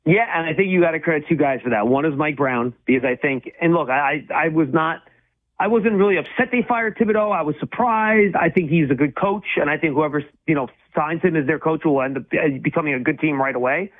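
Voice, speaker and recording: A high-voiced man talks sports in a quick, emphatic flow, restarting his sentences as he goes. His voice comes through a thin, phone-like line. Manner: fast, emphatic, with repeated restarts. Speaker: sports radio co-host. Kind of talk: casual sports talk.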